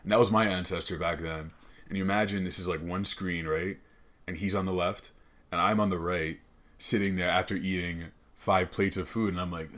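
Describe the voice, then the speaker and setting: Low-ish guy rambling on his comedy podcast, swears a ton, keeps laughing. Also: fairly even intonation, brisk, a bit bright. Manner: rambling, profane, laughs often. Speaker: podcast host. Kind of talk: comedic monologue. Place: studio.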